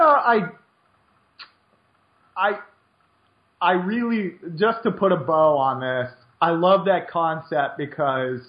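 A high-pitched man chats on a podcast, rambling and opinionated, often restarting his sentences. His voice sounds roomy and echoey, and the recording is dull and lo-fi. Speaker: podcast co-host. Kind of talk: casual podcast chat.

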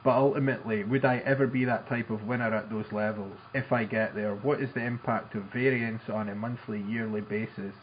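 A man co-hosting a poker podcast. He speaks in a measured, steady way and reads out and sums up a listener's email. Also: on the low side, dull audio, slight background noise. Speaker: podcast co-host. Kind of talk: casual podcast chat and reading listener mail.

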